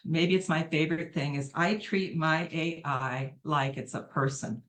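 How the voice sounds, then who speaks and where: A woman's voice: sits low, measured pace. Earnest, emotional middle-aged woman. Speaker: testimonial speaker on a live call. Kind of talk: emotional heartfelt testimonial.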